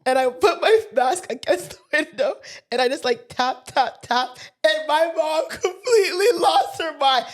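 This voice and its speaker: A woman co-hosting a podcast, telling stories in a lively way and laughing through her lines in casual chat. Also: sits high, a little slow, hardly any pauses. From Canada. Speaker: podcast co-host.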